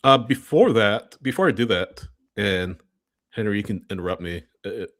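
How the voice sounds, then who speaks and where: A man's voice: fairly low pitch, expressive, moderate pace, a bit bright, dry recording, clean studio sound. A man co-hosting a casual sports podcast, chatty and laughing often, correcting himself as he goes. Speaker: podcast co-host. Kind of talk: casual chat.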